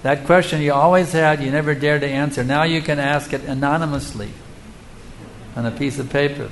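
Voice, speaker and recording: A man gives a devotional lecture and answers audience questions in an emphatic, rhetorical way, often turning to his listeners with questions. His voice sits slightly high for a man. A faint hum of room ambience runs underneath. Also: fairly even intonation, fairly quick, poor audio.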